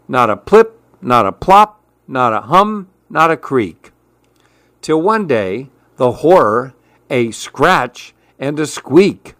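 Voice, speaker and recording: Male narrator for a rhyming picture book, measured and rhythmic, taking his time; dry, close recording. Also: medium pitch, very animated, fairly bright tone, no room sound.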